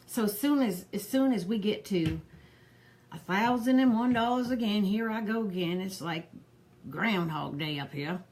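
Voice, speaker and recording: A woman's voice: medium pitch, normal speed, darkish tone, lightly acted. A woman voicing a harried, gossipy old granny who rambles in a folksy drawl while hosting a pearl party. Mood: chatty. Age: older. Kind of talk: comedic character live stream.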